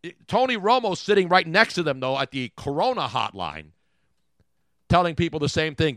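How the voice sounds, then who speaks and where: A middle-aged man hosting a radio show, riffing in casual comedic banter with an animated, rambling delivery. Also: fairly high pitch, normal speed, no room sound, clean studio sound. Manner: animated, joking, rambling riffs.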